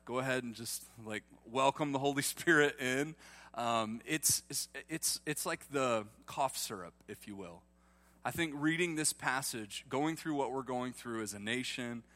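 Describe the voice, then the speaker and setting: A man's voice: mid-range voice, bright, forceful tone. A man, preaching a sermon in a livestreamed church and joking with the congregation. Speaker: pastor.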